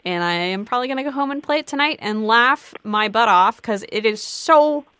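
A woman on a gaming podcast panel, chatting animatedly in quick bursts and laughing often. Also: a little high, animated, fairly bright tone, no echo. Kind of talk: casual chat.

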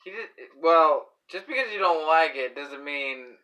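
A man chatting with a friend on a podcast over beers. His voice is bright and clear, and he talks slowly, rambling, trailing off and restarting as he gropes for words, with frequent laughs. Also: fairly high pitch, lively intonation, highs cut off. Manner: rambling, halting, laughs often. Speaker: podcast co-host. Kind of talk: casual chat over beers.

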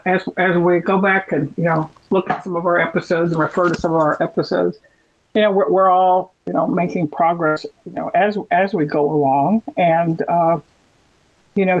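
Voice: medium pitch, dull audio. A podcast co-host chatting casually, rambling with many fillers and restarts. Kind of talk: casual chat.

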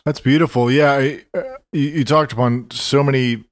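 Woman podcast host with an extremely low voice; blunt, casual, swears. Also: steady tone, normal speed. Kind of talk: casual interview chat.

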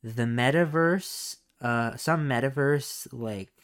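A man's voice: medium pitch, slow pace. Young man, podcast co-host, casual profane chat, laughs a lot, mid-range voice, jokey impressions. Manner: profane, laughs often, mimics people in silly voices.

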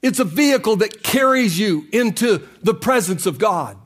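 A male pastor preaching a sermon, often breaking into a sung cadence and climbing to shouts. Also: high-pitched, lively intonation, normal speed.

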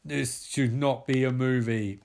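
A man voicing a masked slasher killer who speaks slowly and solemnly, demanding respect. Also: medium pitch, steady tone, gravelly, darkish tone. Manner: slow, deliberate, declamatory.

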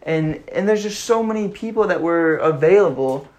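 A man's voice: on the high side, lively intonation, normal speed, darkish tone. A young man around twenty hosting his own sports podcast, rambling and ranting with many fillers and restarts. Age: about 20. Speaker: podcast host. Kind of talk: solo sports podcast commentary.

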